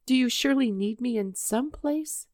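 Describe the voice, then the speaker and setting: A woman's voice: normal speed, darkish tone, dry recording, studio quality, close to an everyday voice. A woman voicing a tearful young boy. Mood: pleading. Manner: high, tearful, pleading. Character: young injured boy, earnest and emotional.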